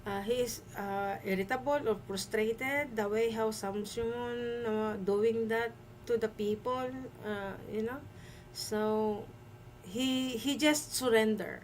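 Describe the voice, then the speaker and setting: A woman's voice: a little high, fairly even intonation, slow, rough recording. A woman hosting a livestream, talking hesitantly with many fillers and restarts. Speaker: livestream host. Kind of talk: livestream commentary.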